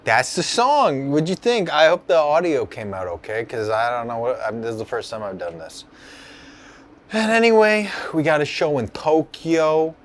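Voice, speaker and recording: A male comedian singing a comic song and then talking casually, with a deadpan, halting delivery over music. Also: fairly high pitch.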